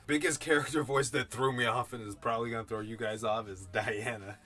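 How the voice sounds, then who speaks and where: A man's voice: medium pitch, fairly even intonation, brisk, pushed and bright, faint music behind. A man giving a casual, rambling audiobook review, full of swearing and slang. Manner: profane, slangy, rambling tangents. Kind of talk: casual spoken book review.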